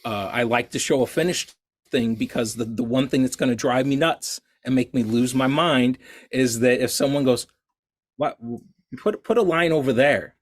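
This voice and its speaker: A man talks casually as a podcast guest, his voice sitting at an ordinary middle pitch. He rambles through restarts and laughs at his own expense. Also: steady tone, moderate pace. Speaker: guest artist.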